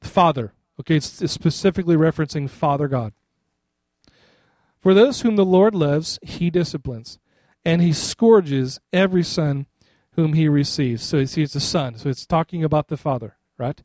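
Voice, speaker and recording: A man's voice: fairly high pitch, normal speed, a little mellow, no room sound, studio quality. A middle-aged man, a pastor, preaching a sermon in a loose, conversational way, often checking in with the congregation. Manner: conversational, repeats "right?" to the congregation.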